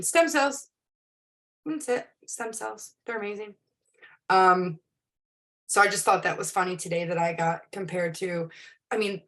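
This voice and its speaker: Hosting a casual live stream, a woman in her forties speaks in a low-leaning, fairly bright voice. Her talk is chatty and rambling, and she keeps restarting sentences with ums.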